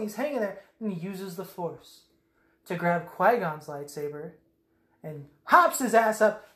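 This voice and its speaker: A woman's voice: medium pitch, a little slow, roomy sound. A woman casually recapping a film on a podcast, swearing often and acting out scenes with silly voices and sound effects. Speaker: podcast co-host.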